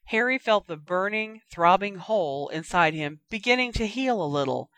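A woman narrating a story in an even, measured reading. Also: lowish voice, no room sound. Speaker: audiobook reader.

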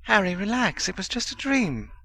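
A man reading an audiobook, putting on urgent female voices in a raised, lively pitch. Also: moderate pace, gravelly, no echo, full character voice. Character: worried young woman and stern older woman.

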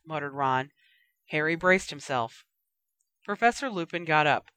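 A woman with a fairly low voice reads a story aloud in an even, measured way. The recording is close and dry. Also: dry recording. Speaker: audiobook reader. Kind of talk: scripted story narration.

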